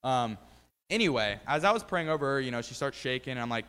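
A man's voice: mid-range voice, lively intonation, fast, fairly bright tone, smooth, long reverb tail. A man giving a casual, rambling testimony about faith and preaching, full of fillers and restarts. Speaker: lay preacher.

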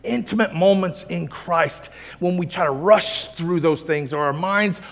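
A man pastor preaching in a church, his voice high with a gravelly edge. He is energetic and humorous, swinging between loud exclamations and hushed lines. The sound carries a long hall reverb. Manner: humorous, acts out quick voices. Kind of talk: sermon.

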